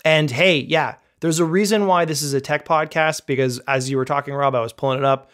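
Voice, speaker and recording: A man's voice: fairly high pitch, a little fast, fairly bright tone. A young man from Canada co-hosting a tech podcast, chatty and joking, poking fun at himself. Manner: chatty, joking, self-deprecating. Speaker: podcast co-host. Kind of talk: casual podcast chat.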